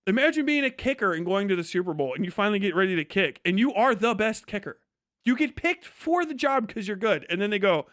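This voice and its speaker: A man's voice: high-pitched, expressive, brisk, a bit bright, no echo, clean studio sound. A young man who is a streamer, ranting profanely and heatedly, with mocking impressions of others. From United States. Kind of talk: ranting livestream monologue.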